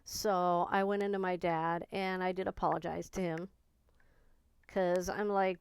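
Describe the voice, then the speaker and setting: Woman, candid personal vlog talk, earnest and self-reflective, smooth clear voice, dry close sound. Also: fairly low pitch, level tone, unhurried, dry recording, low-quality recording. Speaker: vlogger.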